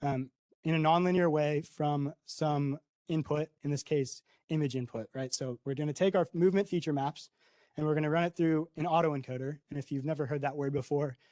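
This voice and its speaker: Young man, conference presenter, casual with ums, mellow, fairly high voice, dry sound. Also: steady tone, brisk, no echo. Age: young adult. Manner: casual, many ums and tag "right?". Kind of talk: academic talk explaining slides.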